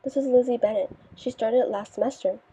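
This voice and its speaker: A woman's voice: on the high side, a little fast, breathy edge. A woman reading as a kind, shy teenage girl. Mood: gentle. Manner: gentle, kind. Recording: dull lo-fi recording.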